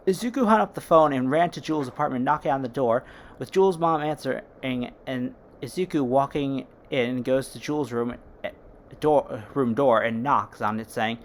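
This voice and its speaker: A casual storyteller narrates a homemade fan story in a middle pitch. The delivery is informal, with chatty asides to listeners. Faint background hiss is audible. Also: moderate pace.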